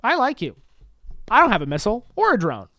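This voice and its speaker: A young man doing a sarcastic solo comedy monologue, his pitch swinging widely as he plays mock-pleading and mock-concerned. It is a dry, close podcast recording with no room sound. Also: wildly swooping pitch, fast talker, pushed and bright, dry recording. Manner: sarcastic, mock-pleading, laughing at own jokes. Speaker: podcast host.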